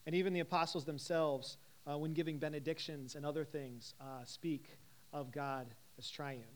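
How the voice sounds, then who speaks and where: A man's voice: a little high, steady tone, normal speed. Man giving a chatty evening teaching talk. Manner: conversational, frequent "uh" fillers, asks the audience questions. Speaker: teacher at a Christian ministry gathering. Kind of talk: casual teaching talk to a live group.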